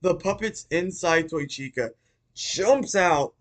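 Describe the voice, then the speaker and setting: A man casually recapping a movie for his channel, rambling with restarts and apologies, excitable and swearing. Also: high voice, takes it slowly. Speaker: YouTuber reviewing a movie.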